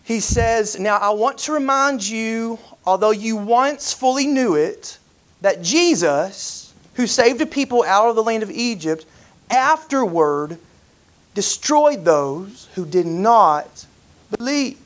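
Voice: medium pitch, lively intonation, slow pace. A preacher giving a conversational sermon who retells scripture in plain modern speech, with frequent "you know" and "like" and repeated words.

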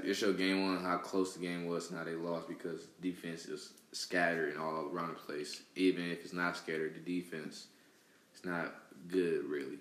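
A man with a very low, flat voice talks through his sports pick in a loose, rambling way. The sound is echoey, with faint noise behind him. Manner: loose, rambling analysis with filler words. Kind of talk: casual sports talk.

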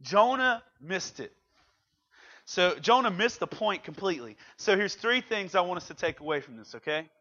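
High, bright-voiced male youth preacher. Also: normal speed, lo-fi sound. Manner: conversational, animated, acts out quotes. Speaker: youth pastor. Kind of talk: casual youth sermon.

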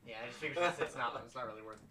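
A man's voice: mid-range voice, very fast. A man narrating as game master in a rambling, laughing way. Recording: roomy, distant home mic with faint noise.

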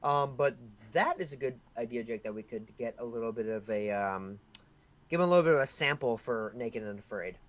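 A young man co-hosting a casual podcast, his voice sitting at an ordinary middle pitch. He rambles, stacking fillers and restarting his sentences as he goes. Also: animated, a little fast. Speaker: podcast co-host. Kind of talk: casual chat.

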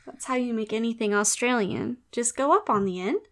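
A woman's voice: fairly high pitch, a little fast, a bit bright. A woman hosting a podcast in casual chat, laughing often and rambling playfully. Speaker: podcast host.

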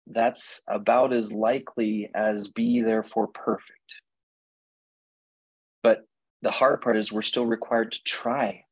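Husky man teaching a marriage class. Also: medium pitch, no echo, low-quality recording. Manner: animated storytelling, acting out dialogue with his wife. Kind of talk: lecture to a class.

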